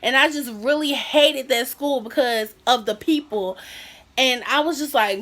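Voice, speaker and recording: A young woman vlogger telling a high school story in a casual, animated way, acting out what people said. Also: measured pace, slight background noise. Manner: animated, acts out quotes.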